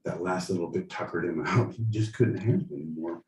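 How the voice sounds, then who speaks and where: A man with a very low voice rambles through casual podcast chat, swearing freely and filling his talk with "like" and "man". He sounds set back from the mic in an echoey room, with a faint hum of noise behind him. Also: big pitch swings, fairly quick, vocal fry, darkish tone, recorded from a distance. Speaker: podcast co-host.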